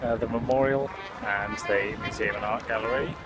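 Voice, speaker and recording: Over loud music and poor audio, a young man's fairly low, steady voice comes through at normal speed. He's walking indoors and on city streets, filming a casual vlog on a handheld camera, chatty and mocking himself.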